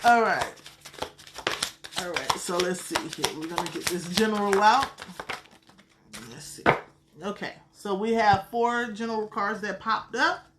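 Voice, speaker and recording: Southern woman, tarot reader on a live stream, salty and blunt, mid-pitched, chatty, calls folks sweetheart. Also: moderate pace, heavy background noise. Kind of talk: casual live-stream chat.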